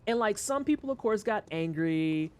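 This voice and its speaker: A young adult livestreamer chatting casually to viewers, retelling a work story with animated swings and casual swearing. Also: mid-range voice, normal speed.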